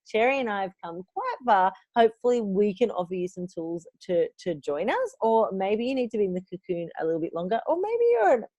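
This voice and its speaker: A woman's voice: medium pitch, big pitch swings, fairly quick, hardly any pauses, mellow, dry recording, muffled recording. A woman in her thirties co-hosting a podcast, talking in an enthusiastic, effusive casual chat. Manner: enthusiastic, effusive, restarts words. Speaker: podcast co-host.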